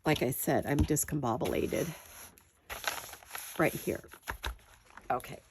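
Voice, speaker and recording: A woman's voice: a bass voice, slow pace, background noise. A woman with a stuffed-up nose from a head cold gives a chatty, rambling, self-deprecating paper-craft tutorial in her home studio.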